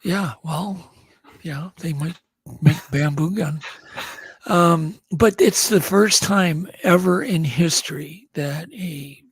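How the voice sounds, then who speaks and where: A man's voice: a little high, slow, slightly rough, no room sound. A man co-hosting a podcast, running through news items in a chatty, rambling way with frequent restarts. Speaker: podcast co-host. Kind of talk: casual chat.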